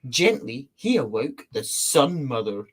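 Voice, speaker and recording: A woman's voice: rumbling low, sing-song, a little slow. A woman co-hosting a podcast, telling a creation myth in a casual, playful way. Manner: playful, breaks into silly character voices. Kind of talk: casual storytelling chat.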